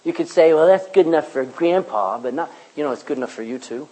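A man preaching a sermon in church, with loud rises and quiet drops. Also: on the high side, expressive, fast, poor audio. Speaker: pastor.

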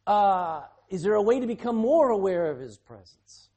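Preacher with a lively, swooping pitch. Animated sermon delivery, firing questions at the congregation. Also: normal speed. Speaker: pastor.

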